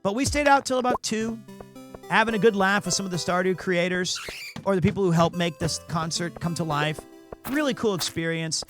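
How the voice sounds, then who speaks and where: A man streaming a game, telling a long rambling anecdote in a casual, animated way, often restarting his sentences. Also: sits high, a little fast, soft background music. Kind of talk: casual storytelling while playing a game.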